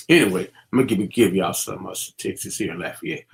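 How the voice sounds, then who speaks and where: A man's voice: low-pitched, fast talker, vocal fry, slight background noise. A middle-aged man giving casual, preachy commentary, using street slang and many fillers as he warns young people. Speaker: vlogger.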